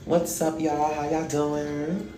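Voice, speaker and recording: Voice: medium pitch, level tone, takes it slowly. A live stream host chatting casually and greeting viewers one by one in an upbeat way. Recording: echoey room with faint music.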